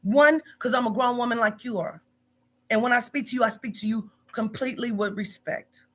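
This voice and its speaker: A woman's voice: fairly high pitch, fairly quick, fairly bright tone. A woman in her forties, a business owner, scolding bluntly and profanely in a heated phone argument. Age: 40s.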